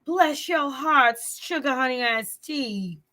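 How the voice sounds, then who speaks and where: A syrupy Southern belle lady, genteel and sweetly condescending, drawling every word slow, as a woman puts her on. The voice rides high and lilting with a Southern US accent. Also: lively intonation, noisy background. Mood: sugary.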